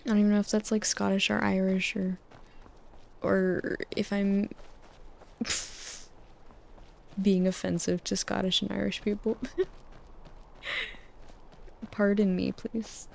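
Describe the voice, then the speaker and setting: A young gaming channel host rambles softly over gameplay in a sleep-aid video, drifting between topics, saying "like" a lot, and often slipping into soft whispers while close to a desktop USB mic. Her mid-range voice is flat and slow, with vocal fry and frequent pauses. There is slight background noise.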